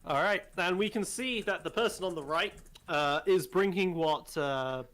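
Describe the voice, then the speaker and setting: Analytical male co-commentator, higher voice. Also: normal speed, fairly bright tone. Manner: analytical, explains team strategy. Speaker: game co-commentator. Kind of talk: live tournament commentary.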